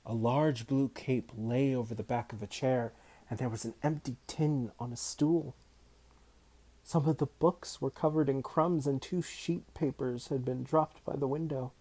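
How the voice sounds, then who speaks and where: A man reading a children's novel aloud in an unhurried, even storytelling manner. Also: medium pitch. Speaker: audiobook reader.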